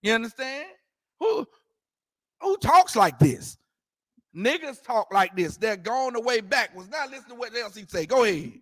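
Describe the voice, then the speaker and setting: A man with an extremely high voice and big pitch swings teaches a scripture class at normal speed, pausing often, his tone a bit bright. His preaching commentary is emphatic and repetitive, full of street slang and rapid rhetorical questions, recorded dry with clean studio sound.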